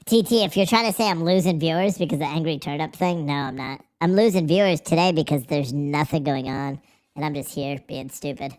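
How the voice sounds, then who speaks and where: A man hosting a casual live stream from home, swearing freely, goofing around and answering the chat. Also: fairly high pitch. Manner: profane, goofy, talks back to the chat. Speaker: livestream host.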